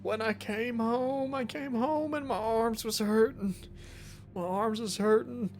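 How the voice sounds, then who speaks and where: A man's voice: very high-pitched, steady tone, unhurried, slight background noise, voice pushed up. Give me a man playing a dazed, crying young man in agony, pleading in a tabletop role-play.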